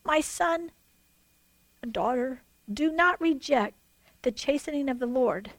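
A woman preaching a sermon, animated and swinging between loud and hushed, voicing God and others in quoted asides. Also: high voice, measured pace, long pauses, no room sound, low-quality recording.

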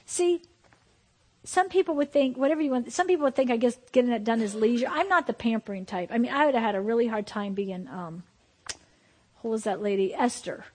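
A woman preaching an informal sermon to a group, telling personal stories in an animated, emphatic way. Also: fairly high pitch, brisk.

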